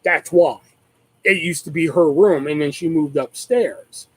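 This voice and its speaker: A man's voice: fairly high pitch, a little slow, husky, dry recording, rough recording. A man hosting a live stream, chatting casually in a rambling way and swearing constantly.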